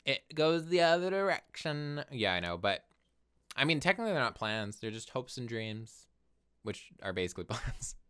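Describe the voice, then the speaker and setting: A young man co-hosting a podcast in casual chat, animated and quick to laugh, swearing casually. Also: fairly low pitch. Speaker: podcast co-host.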